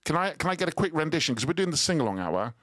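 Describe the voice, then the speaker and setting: A man's voice: fairly high pitch, very animated, racing, fairly bright tone. A man hosting live radio from a studio, upbeat and teasing with his guests. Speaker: radio host.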